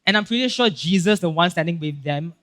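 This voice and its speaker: A male pastor with a Singaporean English accent giving a casual, animated sermon, acting out Bible scenes and checking in with "right?" and "okay?". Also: a little high, brisk. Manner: casual filler-heavy talk with frequent "right?" and "okay?".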